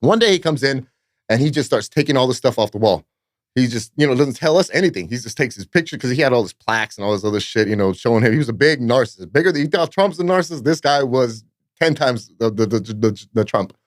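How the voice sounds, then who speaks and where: Expressive and fast, this man's medium-pitched voice is heard in a dry, clean studio recording. He's a nightclub promoter from Fresno, California, telling casual, foul-mouthed, wandering stories in a podcast interview, padded with "blah, blah, blah."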